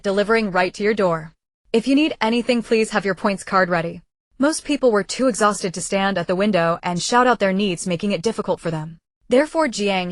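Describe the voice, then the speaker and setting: A woman reads a web-novel audiobook at a steady, even pace. Her voice sits in a middle pitch and is recorded close, dry and without room echo. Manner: even, steady reading of a translated web novel, with slips in pronouns. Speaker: narrator. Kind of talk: scripted audiobook narration.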